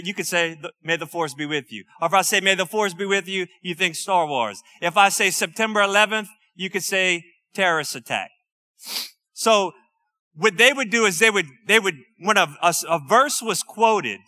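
A man's voice: high voice, bright, forceful tone. A man preaching a conversational sermon, reading scripture and breaking off for light asides. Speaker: pastor.

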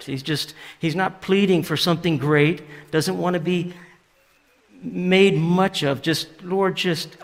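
This pastor's voice sits on the high side, creaky and a little bright. He preaches conversationally, paraphrasing scripture and frequently restarting sentences, with the long reverb of a large hall around him.

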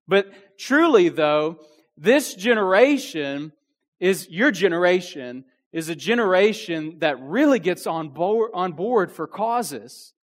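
A man's voice: sits high, expressive, slow pace. A man preaching a youth sermon with energy, full of restarts and asides. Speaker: youth pastor.

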